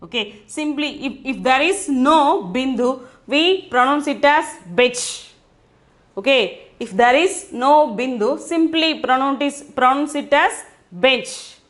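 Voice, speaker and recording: A Hindi teacher gives an online language lesson in a high, expressive voice, speaking a little slowly with hardly any pauses. She patiently repeats each point and often checks whether her students understand.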